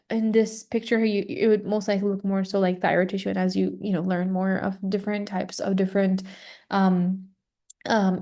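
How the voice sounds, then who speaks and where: A woman's voice: mid-range voice, dark tone. A woman tutor walking through a medical exam question in a recorded online lesson, explaining casually with frequent fillers and restarts.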